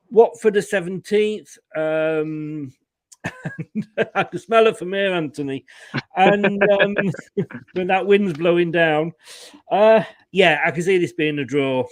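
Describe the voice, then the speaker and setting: A man giving football predictions as a guest in casual banter, animated, laughing often and tripping over his words on a video call mic. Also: high voice, takes it slowly, long pauses, dry recording. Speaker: pundit guest.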